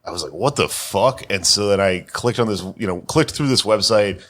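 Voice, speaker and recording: A man with a very low, deep voice spins a loose, meandering anecdote on a podcast. He talks casually, leans on "like" as filler, and keeps laughing at his own story. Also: a little fast, fairly bright tone. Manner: rambling storyteller, peppered with "like", laughs often. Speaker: podcast host.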